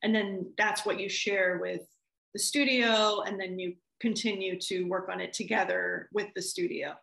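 A woman film director talking casually in an interview, animated and laughing as she acts out what people said. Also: mid-range voice, moderate pace, creaky, echoey room, poor audio.

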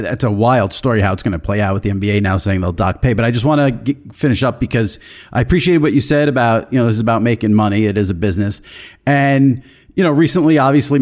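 Male host interviewer, mid pitch, casual, loose rambling questions. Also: darkish tone. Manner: rambling, restarts his questions often. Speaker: podcast interviewer.

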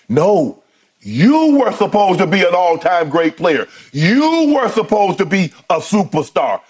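A man's voice: sits high, very animated, measured pace, breathy edge. A man arguing heatedly in a sports debate, emphatic, often stammering and restarting his sentences.

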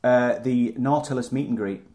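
A man's voice: medium pitch, moderate pace, mellow. A man co-hosting a podcast, chatting casually in a hesitant, rambling way with dry jokes. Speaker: podcast co-host. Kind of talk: casual chat.

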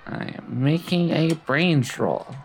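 A woman's voice: sits low, slow, darkish tone, slight background noise, rough recording. A British woman playing a tabletop role-playing game, laid-back and wry. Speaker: player.

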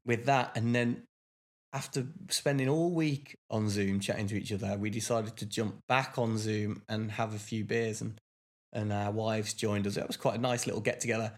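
In casual podcast chat, this co-host speaks at normal speed with a fairly low pitch and fairly even intonation. He uses many fillers and frequently restarts his sentences.

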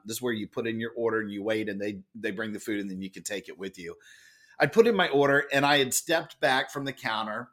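A man telling a story as a podcast guest, with a loud and lively manner. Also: mid-range voice. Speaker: guest, author and speaker. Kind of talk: animated storytelling in a podcast interview.

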